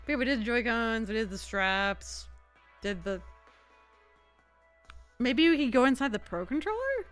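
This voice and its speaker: A woman's voice: fairly high pitch, very animated, moderate pace, faint music behind. A woman streaming a game casually, rambling and chatting with her viewers. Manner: rambling, chatty, talks to chat. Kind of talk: casual gameplay livestream chat.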